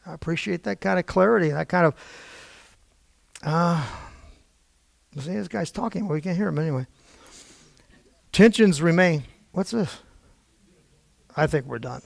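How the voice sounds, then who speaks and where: A middle-aged man teaching a Bible prophecy class in an animated, digressive way, with frequent exclamations. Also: a little high, measured pace, creaky, long pauses, dry recording. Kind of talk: informal Bible lesson.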